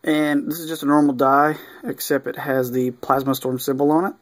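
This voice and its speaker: A man's voice: on the high side, moderate pace. Easygoing man listing cards aloud. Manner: easygoing, reads off cards one after another; mildly excited asides with fillers. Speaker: video creator opening card packs. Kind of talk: casual unboxing commentary.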